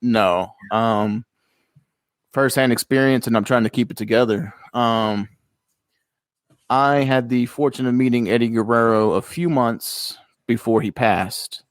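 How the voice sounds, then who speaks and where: A man co-hosting a podcast, casually telling a story and getting animated when he quotes people. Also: mid-range voice, measured pace, no echo. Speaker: podcast co-host.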